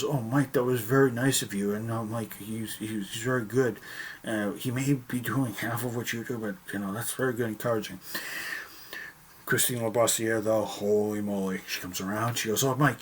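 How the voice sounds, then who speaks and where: A man hosting a talk show, telling a personal school story in a rambling, halting way with many restarts. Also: medium pitch, fairly bright tone, husky. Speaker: host.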